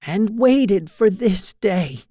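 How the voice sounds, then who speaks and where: A narrator voicing a wise old enchantress who speaks gently, in a bedtime story. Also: mid-range voice, animated, very slow, husky, no room sound, voice pushed up, full character voice. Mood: gentle.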